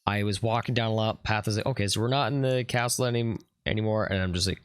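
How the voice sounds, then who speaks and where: Low-voiced man talking games. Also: fairly even intonation, quick pace, clean tone, no room sound. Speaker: podcast co-host. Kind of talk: casual gaming chat.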